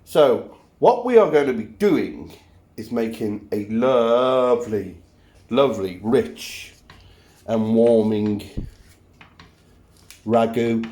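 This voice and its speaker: A man's voice: mid-range voice, lively intonation, takes it slowly, long pauses, mellow. A man hosting a cooking show, talking the viewer through a recipe in a jokey, self-mocking way. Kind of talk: cooking demonstration.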